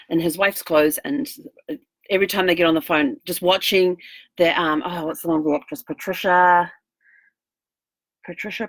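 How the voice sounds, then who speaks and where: A woman's voice: fairly low pitch, no room sound. A middle-aged woman chatting casually in a daily video diary, rambling and laughing easily. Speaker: vlogger.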